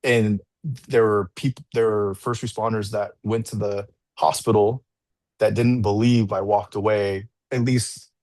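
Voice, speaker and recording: Low-voiced man telling a story, rambling. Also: flat delivery, unhurried, a little mellow, no echo. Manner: rambling, full of restarts and "like", acts out quoted people. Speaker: assistant track and field coach, podcast guest. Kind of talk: casual storytelling in an interview.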